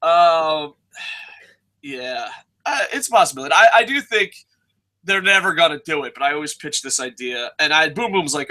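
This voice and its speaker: A man co-hosting a casual wrestling preview podcast, ranting excitably and swearing often, laughing through his points. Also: on the high side, normal speed.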